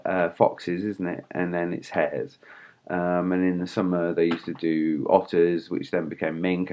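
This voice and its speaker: Man, very low voice, indignant, rambling vlog rant. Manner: indignant, swearing, rambling with fillers and wry laughs. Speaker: vlogger. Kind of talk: casual ranting monologue.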